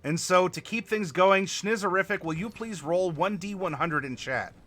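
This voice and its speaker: A man hosting a live tabletop worldbuilding stream, chatting to viewers and halting over fillers as he spells out dice commands. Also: sits high, a bit bright. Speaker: game master and stream host.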